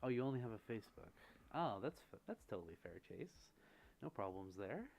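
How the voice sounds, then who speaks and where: A man with a slightly low voice hosts a relaxed ASMR livestream. He reads out viewer messages and answers each one gently. He talks close to the microphone. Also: a little fast, creaky, slight background noise. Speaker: livestream host.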